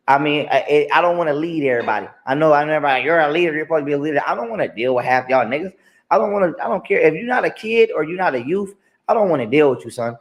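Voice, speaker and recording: A man with a somewhat raised pitch, ranting in a played clip. He talks emphatically, repeats himself and swears a lot. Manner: emphatic, repetitive, profane. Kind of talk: ranting monologue.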